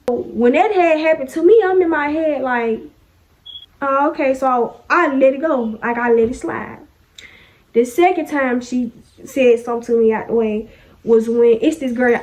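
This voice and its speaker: 一位年轻女性的声音偏高，以随意聊天的方式讲述学校里的故事，语气泼辣爽快，时常模仿别人说话的口吻。她的声音高而明亮，叙述流畅，带有生活化的口语感。. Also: female voice, fairly high pitch, a little mellow. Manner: chatty, sassy, acts out quoted lines. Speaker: vlogger. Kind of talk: casual storytime vlog.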